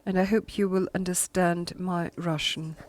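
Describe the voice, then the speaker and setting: A woman historian from Germany with a German accent, reading a prepared lecture. She pauses often on fillers. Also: on the low side, steady tone, a little mellow. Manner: halting, with many filler pauses. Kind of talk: lecture read from a prepared text.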